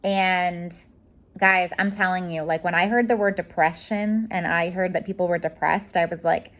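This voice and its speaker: Speaking to camera from a curtained room at home, this home organizing vlogger in her thirties shares something personal, emotional yet bubbly and chatty. Her lowish, slightly bright voice keeps a steady tone at a moderate pace, full of restarts and repeated "like."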